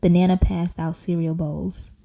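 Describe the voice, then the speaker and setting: A woman reading a children's storybook aloud in a playful, animated way, doing little voices. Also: on the low side, normal speed, creaky. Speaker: audiobook reader.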